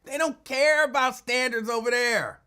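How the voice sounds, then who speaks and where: A man hosting a call-in radio show, talking casually and animatedly, with quick asides. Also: very high-pitched, smooth. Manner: animated, conversational, drops into asides.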